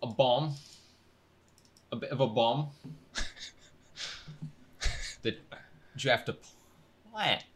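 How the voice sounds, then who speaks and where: A man in his twenties chatting casually with friends, explaining things haltingly with many restarts. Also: medium pitch, slight background noise. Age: 20s. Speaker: streamer co-host. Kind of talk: casual group chat.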